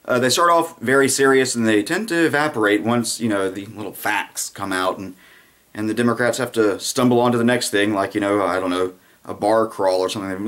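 A man's voice: fairly low pitch, brisk, fairly bright tone. Sarcastic rambling male commentator. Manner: sarcastic, rambling, frequent fillers. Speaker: political commentator. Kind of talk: casual monologue commentary.

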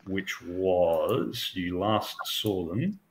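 A man running a tabletop role-playing game as game master, talking in halting bursts full of fillers and restarts. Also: deep voice, lively intonation, a crowd in the background.

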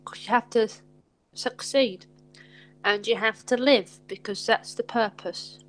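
A woman's voice: a little high, measured pace, rough recording. A woman hosting a live stream chat, rambling in an upbeat, sweary way.

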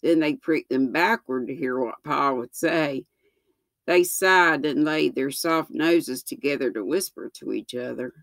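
A woman in her sixties reading a children's book aloud, slow and gentle, with small slips that she corrects. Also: low-pitched, no echo. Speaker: storyteller.

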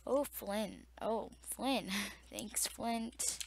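Young woman, casual game commentary, chatty with viewers, high pitch, home recording with audible background noise and keyboard. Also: very slow, gravelly. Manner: chatty, easily startled, talks to viewers. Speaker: gamer. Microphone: desktop mic near loud keyboard.

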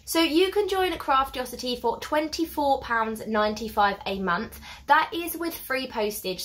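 A young woman hosts a cheerful craft unboxing vlog, pitched a touch higher than most. Her voice is a little blocked up and hoarse from a cold. She gushes over everything and keeps apologising for the sound of her voice. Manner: warm, effusive, apologetic asides. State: stuffy and slightly hoarse from a cold. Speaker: craft vlogger.

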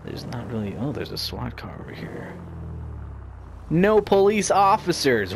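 A man's voice: medium pitch, big pitch swings, measured pace, creaky, a little hiss or hum. A young man hosting a gaming channel, giving playful, self-mocking commentary over his gameplay. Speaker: gaming YouTuber.

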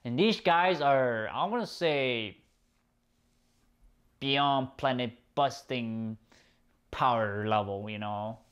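A man giving a casual, excitable episode review, swearing often and rambling through restarts. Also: mid-range voice, slow pace, long pauses, clean tone, dull audio. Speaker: video reviewer.

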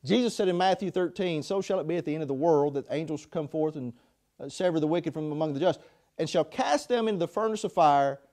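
Man, preacher, high voice, impassioned sermon, loud then hushed. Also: quick pace. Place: chapel.

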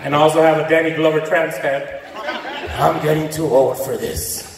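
A man's voice: fairly high pitch, steady tone, normal speed. Guy doing standup, cussing and switching into spanish, crowd laughing in a big echoey room. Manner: brash, profane, mixes Spanish slang into English. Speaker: stand-up comedian. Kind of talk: stand-up comedy set. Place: comedy club stage with a laughing crowd. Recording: far, echoey live hall with crowd.

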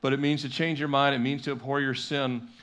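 A man's voice: mid-range voice, flat delivery, brisk, a bit bright. A middle-aged male pastor preaching a sermon in a church, talking conversationally with repetition and acted-out quotes. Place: church sanctuary.

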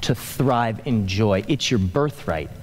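A man's voice: on the low side, expressive, takes it slowly. A man preaching a sermon as a pastor, conversational and joking, then building to emphatic peaks. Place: church sanctuary. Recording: long hall reverb.

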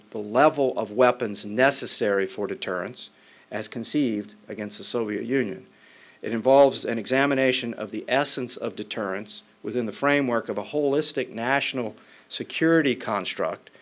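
Male lawmaker at a podium mic with a mid-range voice and a measured, formal delivery. He stumbles now and then. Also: mid-range voice, fairly bright tone. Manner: measured and formal, with occasional restarts. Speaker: member of Congress. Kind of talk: formal policy speech.

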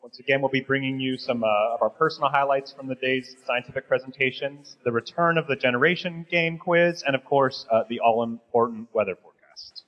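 A man co-hosting a live conference roundup, talking quickly with many fillers. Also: mid-range voice, lo-fi sound. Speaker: co-host.

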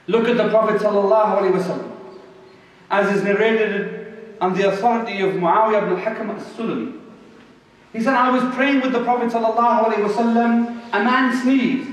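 A man giving a Friday sermon as preacher, impassioned, slowing words for emphasis and reciting verses quickly. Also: high-pitched. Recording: echoey hall from far off.

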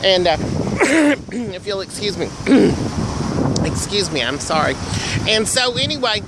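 A man tells a rambling story to a phone camera outdoors at a filling station, chatty and theatrical. He is cold and keeps clearing a frog in his throat. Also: sits high, big pitch swings, slow. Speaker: vlogger telling a story. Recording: loud wind noise on an outdoor mic.

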